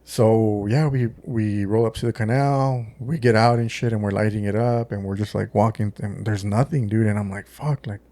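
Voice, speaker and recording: This man, a podcast co-host who used to be a deputy, spins a casual story with a West Texas drawl, swearing freely and voicing quotes full of "like" and "dude." He sits on the low side with a warm, steady tone, a moderate pace, and few pauses.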